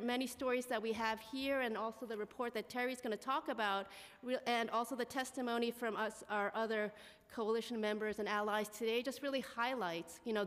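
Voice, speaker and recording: A woman with a head cold, sounding congested, giving earnest testimony at a public hearing as an advocacy director, with many fillers. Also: a little high. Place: council committee room. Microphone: table microphone. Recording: long hall reverb.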